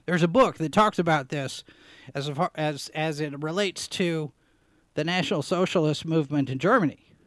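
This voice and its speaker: A man's voice: a little high, moderate pace, a bit bright, no room sound. A man hosting a live podcast show, talking casually about the news, rambling and repeating phrases for emphasis with plenty of fillers. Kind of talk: casual live-stream commentary.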